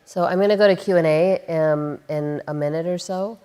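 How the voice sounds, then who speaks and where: A woman moderating a panel discussion who asks brisk, conversational follow-up questions. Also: on the low side, mellow, clear, resonant tone. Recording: reverberant hall.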